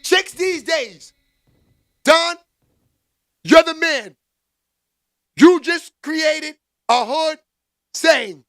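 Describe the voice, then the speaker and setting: A man hosts a casual live stream, answering his chat in slangy street talk. His voice sits high and carries a gravelly rasp. He keeps it animated, jumping into loud exclaims. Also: drawn-out words, long pauses. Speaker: livestream commentary host.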